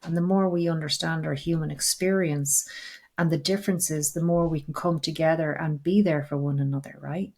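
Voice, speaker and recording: Low gravelly woman, earnest storyteller. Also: moderate pace. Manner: earnest, animated storytelling, acts out dialogue. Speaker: podcast host, regression practitioner. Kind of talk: conversational interview.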